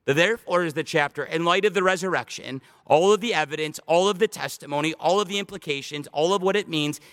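Man, pastor, sermon, high voice, animated, emphatic scripture reading. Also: big-room sound. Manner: animated preaching with slowed emphatic scripture quotes.

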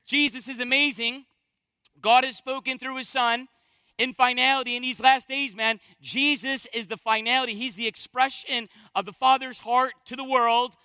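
High-voiced emphatic male preacher. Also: steady tone, normal speed, sharp tone, clear, resonant tone, no echo. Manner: emphatic, repetitive, conversational preaching. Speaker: pastor. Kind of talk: sermon.

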